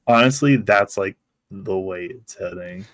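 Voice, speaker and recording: Man, podcast co-host, casual chat, low voice, dry recording, frequent laughter. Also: a little slow, a bit bright, no room sound. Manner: laughs while talking, acts out quotes.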